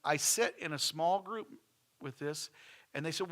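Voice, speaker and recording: A man's voice: on the high side, lively intonation, measured pace, pushed and bright. A middle-aged man, preaching a sermon in church with folksy stories and phrases repeated for emphasis. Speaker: pastor.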